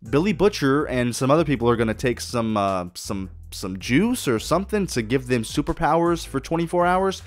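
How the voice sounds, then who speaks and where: A man's voice: mid-range voice, lively intonation, normal speed, hardly any pauses. A man hosting a solo podcast, talking casually and enthusiastically with lots of swearing and restarts. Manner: enthusiastic, profane, rambling with restarts. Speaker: podcast host.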